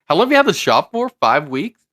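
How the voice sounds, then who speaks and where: A man's voice: a little high, sing-song, pushed and bright, no room sound, clean studio sound. A man co-hosting a casual podcast, joking and teasing as he chats. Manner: joking, quick to riff and tease. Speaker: podcast co-host.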